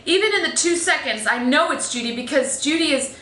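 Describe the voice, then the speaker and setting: A woman vents through a casual movie review, rambling and restarting her sentences with a bright, forceful edge. Her voice sits a little high. The room is echoey, with a faint hum of ambience behind her. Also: animated, a little fast. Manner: rambling, exasperated, many fillers and restarts. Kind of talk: casual opinionated film review. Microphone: phone.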